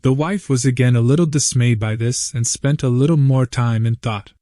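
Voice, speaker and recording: A man narrating jokes in a scripted, even storytelling manner as host of a joke channel. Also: medium pitch, normal speed, dry recording, studio quality. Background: faint background music.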